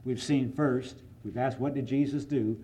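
A man's voice: mid-range voice, fairly even intonation, measured pace, mellow, echoey room, poor audio. A man preaching a sermon, reading scripture aloud and explaining it in an earnest, emphatic way.

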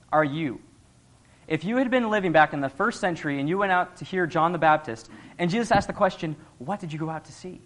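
A man's voice: sits high, a bit bright. A young man giving an earnest, conversational sermon, laughing often as he talks. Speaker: lay preacher.

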